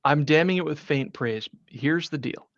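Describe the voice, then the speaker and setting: A man's voice: fairly high pitch, normal speed, dry recording, dull audio. A man hosting a podcast, chatting casually about a movie and rambling with many fillers and restarts. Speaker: podcast host. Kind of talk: casual movie review chat.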